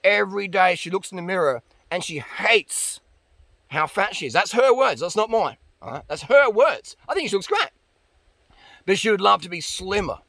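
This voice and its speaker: A man's voice: high-pitched, big pitch swings, moderate pace, gravelly, pushed and bright, dry recording. A man ranting bluntly and profanely about dieting as a vlogger. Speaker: diet and fitness vlogger. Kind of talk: ranting monologue.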